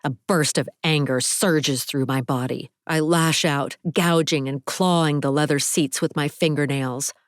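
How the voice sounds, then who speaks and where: A woman narrating a psychological thriller audiobook with a dramatic, expressive reading. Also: low-pitched, a little slow, few pauses, dry recording, studio quality.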